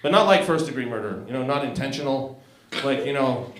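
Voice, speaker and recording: A man's voice: mid-range voice, animated, brisk, fairly bright tone. A man in his forties from Canada doing a crude, self-mocking stand-up set on a club stage, often laughing at his own jokes. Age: 40s. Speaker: stand-up comedian. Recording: roomy club echo.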